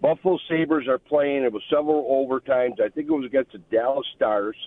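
A man's voice: medium pitch, fairly even intonation, fairly quick, dry recording. A man calling in to a talk radio show, rambling and reminiscing with many fillers. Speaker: caller. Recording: tinny phone line.

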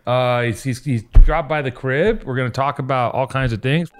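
A man's voice: medium pitch, normal speed, over loud music. Joking, rambling podcast host man. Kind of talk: casual chat.

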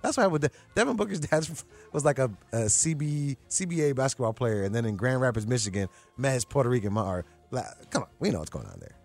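A man's voice: mid-range voice, lively intonation, quick pace, hardly any pauses, darkish tone, faint music behind. A man hosting a sports radio show in a studio, talking in a joking, slangy way. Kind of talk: casual sports talk radio. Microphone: studio microphone.

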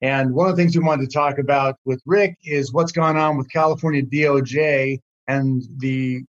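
A man's voice: mid-range voice, fairly even intonation, moderate pace, muffled recording. A man hosting a talk radio interview, joking with guests and recapping their points for listeners. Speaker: radio show host.

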